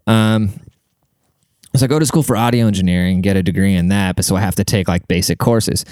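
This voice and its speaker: A man's voice: sits low, fairly quick, a little mellow, dry recording, studio quality. A man rambling through a casual comic monologue, profane and self-deprecating, full of fillers. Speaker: comedian and podcaster.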